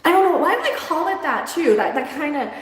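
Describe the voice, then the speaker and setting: A lively woman streamer rambles through a casual review, laughing and restarting her sentences as she goes. Her voice sits a little high and swoops widely in pitch. The sound bounces around a very echoey room with a long reverb tail. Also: quick pace. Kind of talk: casual live-stream chat.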